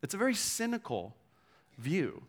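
A pastor preaching a sermon in a conversational way, checking in with the listeners and reading scripture aloud with emphasis. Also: male voice, high-pitched, huge pitch swings, normal speed. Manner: conversational preaching with frequent "right?" and "okay?" check-ins.

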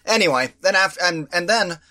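A man's voice: high voice, normal speed. A man co-hosting a podcast, ranting sarcastically in casual chat and mimicking the people who annoyed him. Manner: ranting, sarcastic, animated quoting of others. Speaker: podcast co-host.

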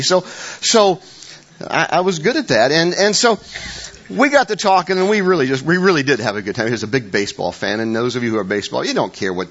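An older man, a pastor, preaches a conversational church sermon in a medium-pitched, expressive, slightly bright voice at a little fast pace. He rambles through stories with many restarts and self-corrections and wry self-mockery; the recording is dull and lo-fi.

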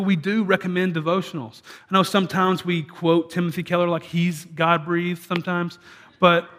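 A man's voice: high voice, fairly even intonation, moderate pace, fairly bright tone. A man preaching a sermon as a church pastor, talking in a conversational way with frequent restarts.

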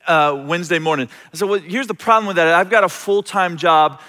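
High, bright preacher in a hall. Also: male voice, brisk. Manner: storytelling, acts out quoted voices, self-interrupting restarts. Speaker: pastor. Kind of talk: sermon with personal story. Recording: long reverb of a large hall.

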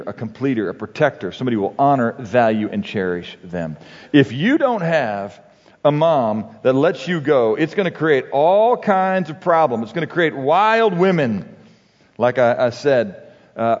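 A man giving a sermon-like talk on marriage and parenting, conversational and halting, with frequent restarts and "you know.". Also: medium pitch. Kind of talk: sermon-like talk with anecdotes and quotes. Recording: dull recording with long hall reverb.

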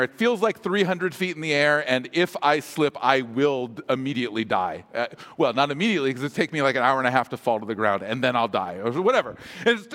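A man's voice: a little high, fairly bright tone. A man preaching a sermon as pastor, casual and self-deprecating, with humorous asides. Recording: long hall reverb.

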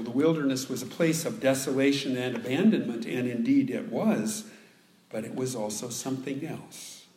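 Slow-talking pastor guy preaching, leans hard on words, church echo all around. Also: medium pitch, darkish tone. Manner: slow, deliberate preaching with dramatic emphasis. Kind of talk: sermon. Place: church sanctuary. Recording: echoey church room, faint ambience.

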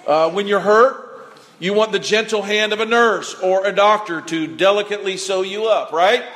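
A man preaching in a fairly high voice, folksy and conversational, pausing for the congregation to repeat after him. His voice carries a long reverb from the church hall. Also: a bit bright. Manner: folksy, conversational preaching with audience call-and-response. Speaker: pastor. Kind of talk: sermon. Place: church sanctuary.

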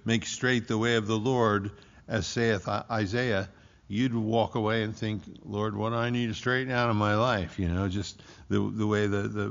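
An older man preaching a sermon, reading scripture slowly and building emphasis as he speaks. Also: fairly low pitch, gravelly, a bit bright, muffled recording. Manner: preaching with rising emphasis and slow drawn-out scripture quotes. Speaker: pastor.

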